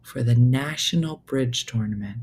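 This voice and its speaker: A spry lady in her late seventies, as a comedian puts her on, matter-of-fact and quietly proud. The voice stays close to the teller's own low, gravelly tone. It is a light sketch of a character in a comic story. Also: normal speed, slight background noise. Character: spry elderly woman bridge player, late seventies.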